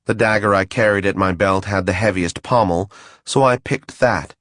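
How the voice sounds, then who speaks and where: A man's voice: fairly low pitch, moderate pace, fairly bright tone, no room sound. A man reading a first-person fantasy audiobook in a dry, wry manner. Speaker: audiobook narrator.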